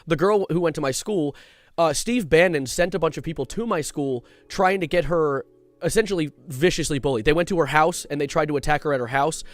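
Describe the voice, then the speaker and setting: A man's voice: fairly high pitch, fairly bright tone, no room sound. A man in his twenties chatting casually on a live stream, rambling and jumping between reading chat and his topic.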